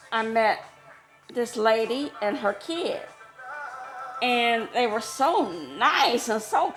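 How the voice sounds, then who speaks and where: A woman tells a personal story in an easy, unhurried way, laughing often. Her voice sits a little high and climbs into squeals when she gets excited. Soft music plays faintly behind her. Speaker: vlogger. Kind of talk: casual storytelling. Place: homeless shelter.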